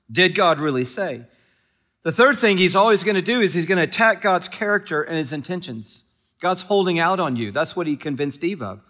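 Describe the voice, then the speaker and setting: A man's voice: a little high, sharp tone. A man preaching a sermon as a pastor, in a conversational, humorous storytelling way with frequent restarts.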